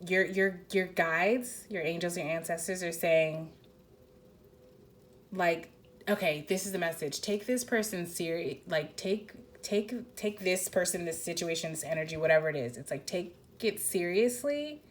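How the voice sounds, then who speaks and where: A woman with a somewhat low voice talks through a card reading in a loose, rambling way. She leans on "like" and often second-guesses herself as she goes. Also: unhurried, slight background noise. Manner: rambling, heavy use of "like", tentative. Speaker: tarot card reader. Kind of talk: casual intuitive card reading.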